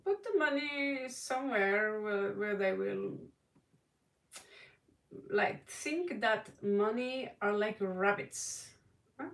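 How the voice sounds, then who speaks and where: A Norwegian woman gives a live tarot reading in a mid-range voice, speaking slowly with vocal fry and frequent pauses. She's chatty, laughs often, and calls viewers by name. The mic is distant, leaving a roomy echo.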